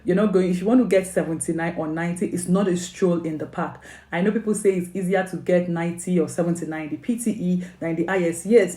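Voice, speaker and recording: A woman's voice: on the low side, dark tone, echoey room. A woman with a Nigerian accent giving earnest, coaxing exam advice as an English tutor, with many questions and "okay?" checks. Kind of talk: motivational exam advice video.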